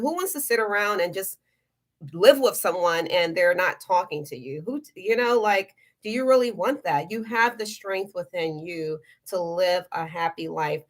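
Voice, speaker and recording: A woman's voice: mid-range voice, fairly bright tone. A middle-aged woman talking straight to her viewers in a casual, earnest way, giving encouragement and repeating words for emphasis. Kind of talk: casual motivational talk to camera.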